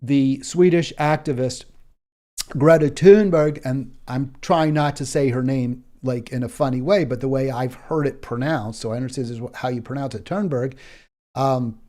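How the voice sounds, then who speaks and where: A man's voice: mid-range voice, fairly even intonation, moderate pace, warm tone. Impassioned American man hosting commentary. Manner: impassioned, emphatic repetition, frequent fillers and restarts. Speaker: political commentary host. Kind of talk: solo political commentary.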